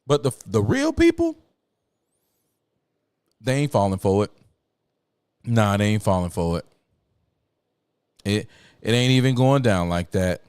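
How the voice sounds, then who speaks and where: A man's voice: fairly low pitch, sing-song, measured pace, pauses often, a little mellow, smooth, no room sound. A man hosting a political commentary show, slangy and emphatic, repeating lines for effect.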